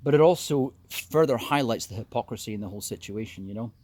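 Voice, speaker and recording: A man's voice: medium pitch, quick pace, a little mellow, a little hiss or hum. A man from South Africa hosting a solo podcast, ranting profanely and restarting his sentences often. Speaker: podcast host. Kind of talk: opinionated solo podcast monologue.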